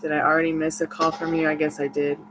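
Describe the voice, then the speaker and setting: A woman's voice: low voice, little pitch movement, quick pace, noisy background. A tired woman hosting a tarot livestream, telling a long personal story in a candid, rambling way with frequent laughs. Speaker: tarot reader and livestream host. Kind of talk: casual livestream chat.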